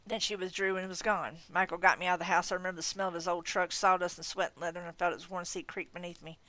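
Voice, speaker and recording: A woman reading a novel aloud in an expressive, casual manner. Her voice is getting tired. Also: fairly low pitch, quick pace, dry recording. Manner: expressive reading, breaking off to laugh and comment. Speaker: audiobook reader.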